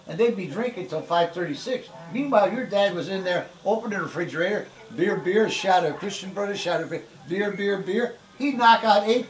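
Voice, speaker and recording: Older man, high-pitched, profane storyteller. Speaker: uncle telling family stories. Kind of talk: casual family chat. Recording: echoey room.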